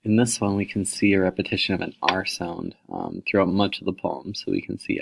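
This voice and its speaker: A man's voice: low-pitched, steady tone, brisk, creaky, hardly any pauses. A man teaching a recorded poetry lesson, explaining sound devices and reading poems aloud, with frequent fillers.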